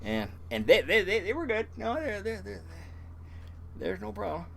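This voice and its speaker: This is an older man who captained fishing boats, guesting on a podcast and telling stories his own way. His voice sits a little high and leaps up and down with every turn of a tale. He swears easily, restarts his sentences and laughs along with himself. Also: moderate pace, creaky, slight background noise. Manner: animated, swears freely, lots of restarts and chuckles. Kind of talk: rambling storytelling in a casual interview.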